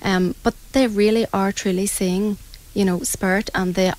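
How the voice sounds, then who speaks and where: A middle-aged woman with a Northern Irish accent, an angel reader telling a story in a radio interview in an animated, dramatic way. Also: mid-range voice, normal speed, low-quality recording. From Northern Ireland.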